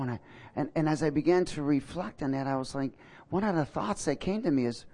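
A male pastor leading prayer and preaching a sermon to a congregation, telling a personal story with fervent bursts of loud exclamation. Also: on the high side, lively intonation, a little fast.

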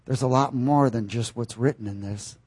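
A man preaching a sermon with animated delivery, calling out questions to his congregation and breaking into loud bursts. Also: medium pitch, moderate pace, slightly rough, dry recording.

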